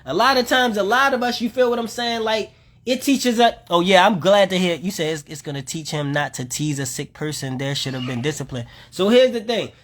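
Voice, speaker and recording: Мужчина с высоким голосом, эмоционально рассуждающий. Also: male voice, high-pitched, a little fast. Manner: animated, emphatic ranting with repeated asides to the listener. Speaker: livestream host. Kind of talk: heated commentary to live viewers.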